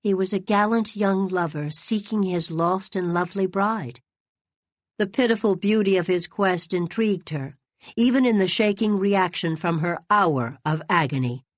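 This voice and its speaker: A woman reading a classic novel aloud with dramatic, expressive narration. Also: medium pitch, normal speed, dry recording. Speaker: audiobook narrator. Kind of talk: scripted narration.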